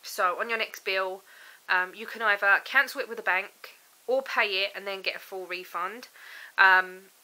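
Bright-voiced woman venting. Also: mid-range voice, moderate pace, low-quality recording. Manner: venting, rambling, exasperated. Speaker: vlogger. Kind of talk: casual vlog chat. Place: home, indoors.

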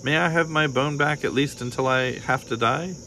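A man voicing Pearl, a timid young female pig who pleads softly. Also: mid-range voice, fairly quick, slight background noise, pitched above the performer's own voice, close to an everyday voice. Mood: frightened. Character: frightened young girl pig, tender, timid.

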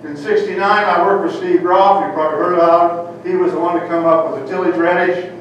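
An older farmer tells stories to a crowd in a folksy, rambling way. His voice sits a little high for a man and is picked up from well back in a big echoing hall. The sound is dull, and a layer of room noise runs under it. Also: fairly even intonation, fairly quick. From Ohio. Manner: folksy storyteller, sprinkles in "you know". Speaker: farmer giving a talk. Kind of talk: folksy conference talk. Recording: echoey hall, distant mic, dull and noisy.

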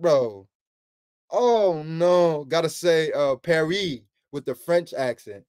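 A man hosting a sneaker channel, chatting casually with his viewers in animated slangy banter and laughing often. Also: fairly high pitch, takes it slowly, no echo, studio quality. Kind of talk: casual streaming chat.

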